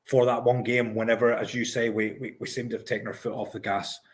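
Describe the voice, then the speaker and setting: A man's voice: mid-range voice, flat delivery, quick pace. Hesitant Scottish man on a podcast. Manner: hesitant, repeats words at the start of phrases. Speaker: podcast co-host. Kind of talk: casual football podcast chat.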